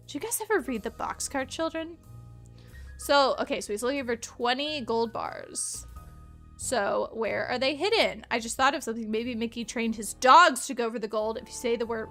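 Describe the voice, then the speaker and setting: A woman's voice: on the high side, normal speed, a bit bright, soft background music. Chatty young woman playing a game. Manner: chatty, rambling, lots of "like". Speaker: let's play host. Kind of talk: casual gameplay commentary.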